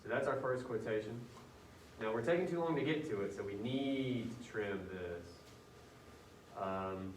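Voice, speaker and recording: A man's voice: fairly low pitch, a little slow, slight background noise. A male teacher running a casual writing lesson, thinking aloud as he edits a student paper. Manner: casual, chatty, thinking aloud while editing. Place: classroom. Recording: roomy classroom picked up from a distance.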